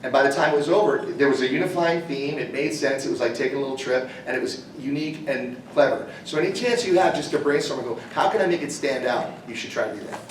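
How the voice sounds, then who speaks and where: A man voice actor answering fan questions on a convention panel, an animated storyteller who cracks jokes. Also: medium pitch, slight background noise. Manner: animated storyteller, quick jokes, slips into impressions. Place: convention hall. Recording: echoey hall, mic far off.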